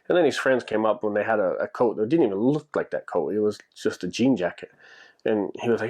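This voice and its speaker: A man's voice: on the low side, expressive, fast talker, creaky, darkish tone. A man vlogging, telling stories in a rambling, casual way, full of "like" and restarts. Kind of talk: casual storytelling monologue. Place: lives in Japan.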